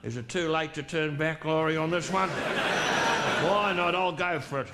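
Man, high voice, crude theatrical stand-up storytelling, live stage with audible noise. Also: unhurried. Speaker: stand-up comedian. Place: theatre stage before a laughing audience.

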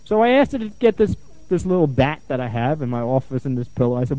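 A middle-aged man, a therapist, lecturing and telling stories from his practice, animated and given to repeating phrases for emphasis. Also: medium pitch, fast talker, no echo. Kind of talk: lecture with anecdotes. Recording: dull, muffled lo-fi sound.

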